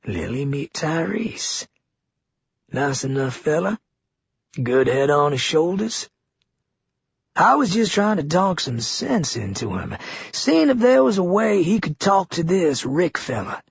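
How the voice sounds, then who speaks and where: A man's voice: fairly high pitch, big pitch swings, takes it slowly, vocal fry, breathy edge, no room sound, full character voice. A man doing a menacing false-soothing tyrant. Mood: falsely gentle. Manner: falsely soothing, then snarling. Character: menacing scheming male leader, wounded. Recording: dull lo-fi dry recording.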